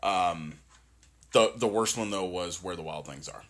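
A young man co-hosting a podcast, chatting casually, animated, swearing and laughing often. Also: deep voice, unhurried. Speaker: podcast co-host. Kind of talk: casual chat.

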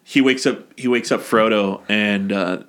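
A man's voice: lowish voice, fairly even intonation, a little slow, fairly bright tone. A man casually recapping a movie on a podcast, rambling and swearing, often acting out lines from scenes. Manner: rambling, profane, acts out quotes in silly voices. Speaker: podcast co-host.

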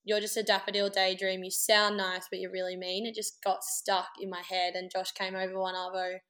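Relaxed Australian woman musician. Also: medium pitch, a little fast. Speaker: band member, guest. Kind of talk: casual chat.

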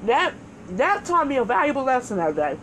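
A woman's voice: sits high, very animated, fairly quick, fairly bright tone, a little hiss or hum, rough recording. A woman co-hosting a show, telling a story in casual chat with profanity and laughter. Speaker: podcast co-host.

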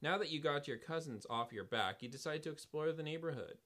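A man's voice: on the high side, lively intonation, a little fast, fairly bright tone. Man reading a storybook aloud for laughs. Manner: reads with stumbles and laughs, dry jokey delivery. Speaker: podcast host reading a book aloud. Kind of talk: comedic read-aloud with joking asides.

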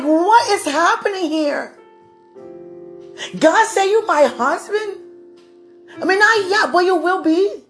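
Warm-hearted woman vlogger with a fairly high voice who rambles fondly and laughs a lot, over quiet piano. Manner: rambling, affectionate, often laughing. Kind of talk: casual devotional vlog monologue.

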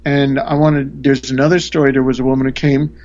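A man's voice: medium pitch, little pitch movement, brisk, darkish tone. Earnest male storyteller, slightly dull audio. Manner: earnest, with frequent restarts. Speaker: spiritual teacher. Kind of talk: storytelling in a podcast conversation.

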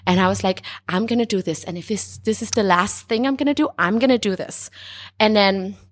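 Animated woman telling a personal story. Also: medium pitch, fairly quick. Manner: animated, laughs often, quotes herself in lively voices. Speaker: podcast guest. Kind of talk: casual conversational storytelling.

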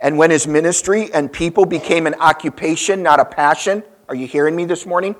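A man's voice: fairly high pitch, fairly quick. A man preaching a sermon, telling a story and acting out the quoted lines with big rises and drops. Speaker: pastor.

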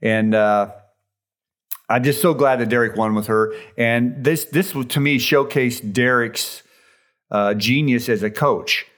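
A man's voice: medium pitch, slow, a bit bright. A man hosting a podcast, giving a casual, enthusiastic fan recap with chatty fillers. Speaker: podcast host recapping a dance show.

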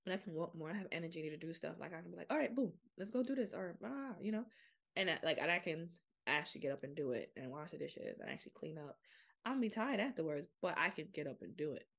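A woman's voice: low-pitched, expressive, fast, gravelly, a bit bright. A young adult woman hosting a podcast, talking frankly and casually to her listeners, full of fillers and quoted self-talk. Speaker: podcast host. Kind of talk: candid solo podcast monologue.

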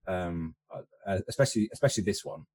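A man co-hosting a casual film podcast, halting and repeating words as he searches for them. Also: low-pitched, a little mellow. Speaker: podcast co-host.

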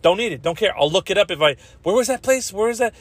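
A young man hosting a podcast, ranting casually in a rambling, profane, animated way. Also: high voice, fast talker, no room sound. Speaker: podcast host.

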